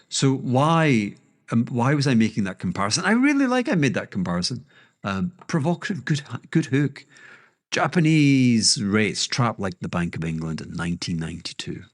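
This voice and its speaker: Deep-voiced man rambling about markets. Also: dry recording, studio quality. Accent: Scottish. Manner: rambling, self-interrupting, with sudden emphatic outbursts. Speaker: podcast host. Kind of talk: casual monologue on markets.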